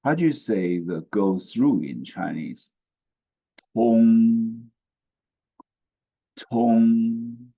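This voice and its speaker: A man teaching pronunciation slowly, saying each syllable and then repeating it. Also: sits low, sing-song, vocal fry, dark tone, husky. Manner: slow and deliberate, repeats each syllable twice. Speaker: language teacher. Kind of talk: slow pronunciation lesson.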